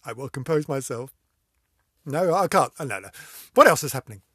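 A woman's voice: extremely low pitch, lively intonation, fairly quick, a bit bright, breathy edge, dry recording, clean studio sound. An older woman hosting a casual vlog, telling corny jokes and giggling at them herself. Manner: giggly, laughs at her own jokes, self-mocking. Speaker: vlog host.

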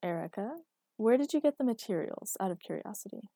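A woman voicing a dry, patient, exasperated boyfriend with a deadpan delivery. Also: medium pitch, fairly quick, no room sound.

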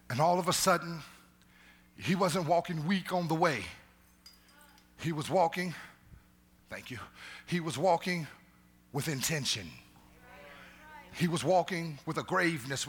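A male pastor preaches with a bright, forceful voice that has a husky edge. He calls out to the congregation, stumbles into runs of repeated words and then surges into loud, climbing peaks. His pitch sits a little high for a man. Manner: call-and-response preaching, repeats words, rises to shouts. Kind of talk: sermon. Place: church sanctuary.

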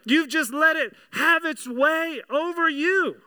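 A man's voice: extremely high pitch, slow, sharp tone. A man preaching a sermon, earnest and conversational, often repeating his words and putting questions to the congregation. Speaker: pastor.

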